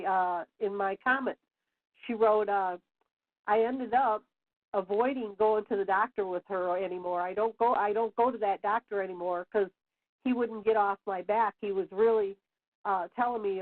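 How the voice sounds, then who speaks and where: A woman's voice: mid-range voice, normal speed. A middle-aged woman hosting an internet radio show, ranting emphatically and rambling with many fillers and restarts. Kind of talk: solo rant on internet radio. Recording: tinny phone-line sound.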